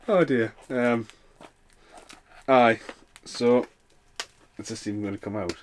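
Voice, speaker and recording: A man's voice: mid-range voice, slow, pauses often, slight background noise. A man ranting casually as a film reviewer, chatty and loose, swearing freely, a little tipsy. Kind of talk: casual rambling rant.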